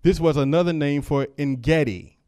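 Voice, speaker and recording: A man preaching with a slightly high voice. He moves between easy, conversational asides and loud, fervent scripture reading. The sound is close and dry, with no room echo. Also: normal speed. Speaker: pastor. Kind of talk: sermon.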